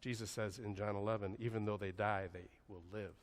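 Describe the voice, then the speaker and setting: A man preaching a sermon as pastor, slow and soft-spoken, with long pauses, often dropping to a hushed voice. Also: lowish voice, fairly even intonation. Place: church sanctuary. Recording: echoey church hall.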